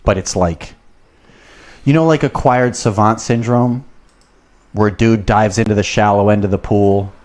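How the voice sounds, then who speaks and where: Man, podcast host, lowish voice, rambling casual chat, swears freely. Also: unhurried, long pauses, darkish tone.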